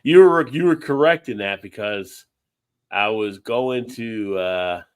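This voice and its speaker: A man's voice: on the low side, takes it slowly, clear, resonant tone. Laid-back rambling man hosting a beer stream. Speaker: livestream host. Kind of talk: casual chat over beers.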